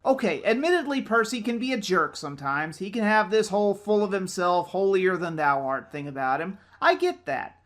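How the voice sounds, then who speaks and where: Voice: mid-range voice, sing-song, moderate pace, few pauses, a bit bright. A show reviewer giving casual commentary, sarcastic and prone to ranting.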